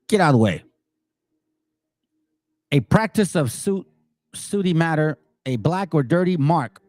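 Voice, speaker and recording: A man's voice: fairly high pitch, animated, unhurried, darkish tone, no echo, clean studio sound. A man giving heated commentary and reading passages aloud, angry and emphatic, repeating words for stress. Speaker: commentary host.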